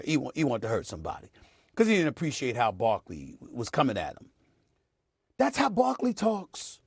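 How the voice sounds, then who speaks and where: A man's voice: fairly high pitch, dry recording, studio quality. A man on a sports talk show, speaking emphatically and repeating and stumbling over words as he builds his point. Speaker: sports commentator.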